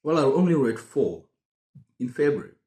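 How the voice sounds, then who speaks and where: A man chatting casually about books on his video channel, excitable and prone to repeating himself. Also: mid-range voice, normal speed, a little hiss or hum. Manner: excitable, repeats words and phrases. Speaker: book vlogger. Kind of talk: casual book review chat. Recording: roomy echo.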